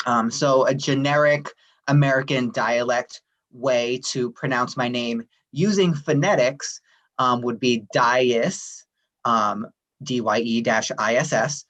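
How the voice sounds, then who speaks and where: A man presenting at a staff workshop, explaining at a steady, friendly pace with frequent "um" fillers. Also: medium pitch, unhurried, poor audio. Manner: friendly, even, many "um" fillers. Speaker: workshop presenter, administrative assistant. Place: online workshop session.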